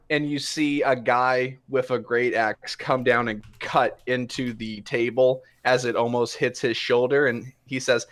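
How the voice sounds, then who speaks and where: A man's voice: mid-range voice, steady tone, measured pace, fairly bright tone. A man narrating a tabletop game as game master, telling the scene in a loose, hesitant way with many fillers.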